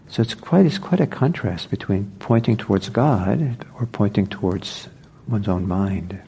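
A man giving a dharma talk as a meditation teacher, reflective and unhurried, pausing often and restarting his sentences. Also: lowish voice, animated, vocal fry, warm tone, a little hiss or hum. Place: meditation center.

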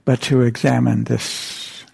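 Older man, dharma talk; dark, raspy voice, halting and soft-spoken. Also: mid-range voice, little pitch movement. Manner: gentle, halting storytelling with frequent whispered asides. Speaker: meditation teacher. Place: meditation center hall.

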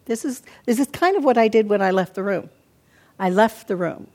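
An older woman teaching meditation in a calm, reflective dharma talk, often acting out her own inner self-talk. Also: medium pitch, brisk. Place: meditation hall.

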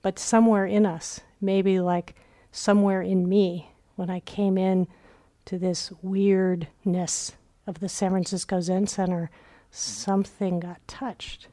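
A woman's voice: mid-range voice, little pitch movement, slow, warm tone. A woman meditation teacher giving a dharma talk at a retreat center, telling stories reflectively and acting out quoted inner voices.

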